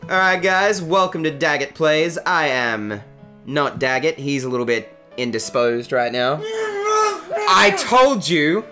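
A man's voice: medium pitch, a little slow. A man filling in as host for let's-play commentary, playful and mock-dramatic. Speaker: stand-in host. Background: game music.

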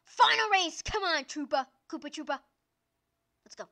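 A young woman hosting her gaming channel, giving excited gameplay commentary, squealing and cheering at the screen. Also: very high voice, normal speed, vocal fry.

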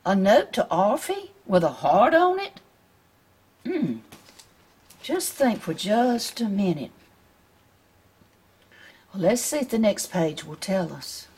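A woman with a Southern US accent reads a picture book aloud to children, gently stopping to ask her listeners questions. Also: medium pitch, very animated, slow pace, pauses often, breathy edge. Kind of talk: storybook read-aloud.

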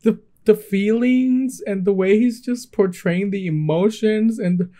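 A man hosting a reaction video, gushing and excitable as he comments casually over a performance. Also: high voice, unhurried. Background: faint music from the video being watched.

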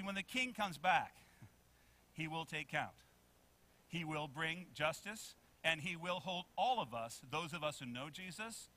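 A man preaching a sermon in a church with a bright, ringing tone and a high-set voice. He is animated, acts out little quotes and keeps asking the congregation questions. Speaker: pastor. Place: church sanctuary.

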